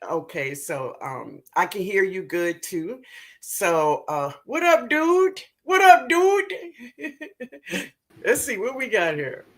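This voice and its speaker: A woman's voice: on the low side, sing-song, slow. A woman hosting a live stream in a casual, chatty way, greeting viewers by name and laughing often.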